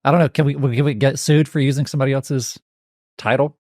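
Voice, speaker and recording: A man's voice: medium pitch, steady tone, fast, a little mellow, dry recording, studio quality. Playful man hosting a podcast. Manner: joking, playful. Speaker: podcast host. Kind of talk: casual podcast chat.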